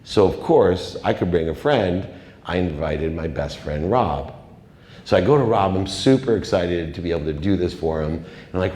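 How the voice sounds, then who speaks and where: Deep-voiced man speaking in an echoing hall. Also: lively intonation, normal speed. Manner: confessional, emotional, dramatic swings in loudness. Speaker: keynote speaker. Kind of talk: motivational storytelling speech. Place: large event hall. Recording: echoey hall with long reverb.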